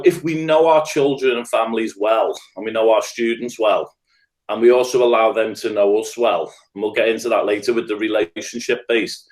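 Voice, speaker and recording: A middle-aged man with a Scouse accent, speaking earnestly and thoughtfully as a podcast guest. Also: lowish voice. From Liverpool, England. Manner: earnest, thoughtful, builds points in lists. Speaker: guest, restorative practice trainer. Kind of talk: reflective podcast conversation.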